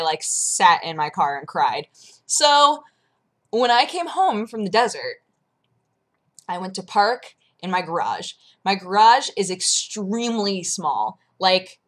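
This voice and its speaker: A woman's voice: mid-range voice, a bit bright. A young woman vlogger chatting casually and telling a story, acting out her own reactions as she goes. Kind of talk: casual chat.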